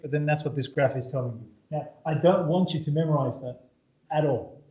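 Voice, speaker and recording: A maths tutor with a slightly high, slightly mellow voice teaches a class casually, often checking in with his students. The room is echoey and the sound dull and lo-fi.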